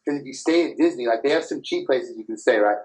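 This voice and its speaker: A man in his thirties hosting a podcast, telling profane, animated anecdotes in casual chat and laughing as he goes. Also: medium pitch, quick pace, poor audio. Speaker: podcast host.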